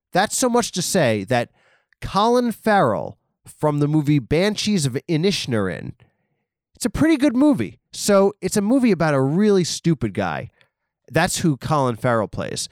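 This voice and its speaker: A man doing a rambling comedic monologue, arguing with himself and bursting into loud high shouts. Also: huge pitch swings, unhurried, no echo, studio quality. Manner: digressive, rambling, mock arguments with himself.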